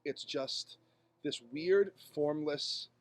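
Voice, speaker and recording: A man's voice: on the high side, drawn-out words, dry recording. A man co-hosting a casual podcast, blunt, crude and opinionated. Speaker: podcast co-host. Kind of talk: casual chat.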